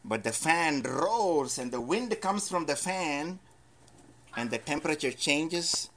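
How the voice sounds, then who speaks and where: A man preaching a sermon, telling a Bible story in a lively storytelling way, swinging from loud emphasis to soft asides. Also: a little high, slow pace, slight background noise.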